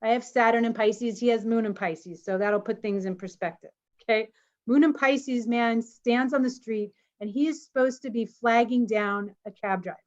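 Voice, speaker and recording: A woman co-hosting an online meeting, telling a personal story in an animated way and laughing as she goes. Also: on the high side, normal speed. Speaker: co-host of an online community meeting. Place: home, on a video call. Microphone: video call. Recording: slightly dull video call audio.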